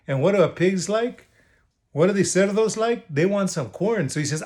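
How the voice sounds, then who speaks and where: A man reads a children's picture book aloud, pausing for explanatory asides. His voice is high for a man. He shifts easily between languages as he reads. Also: animated, darkish tone. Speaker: state official reading to children.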